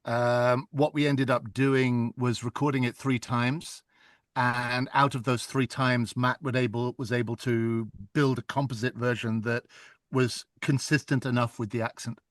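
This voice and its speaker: A man's voice: mid-range voice, level tone, measured pace, no echo, studio quality. A man who narrates audiobooks, talking casually in a self-deprecating way and laughing often. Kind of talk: casual conversation.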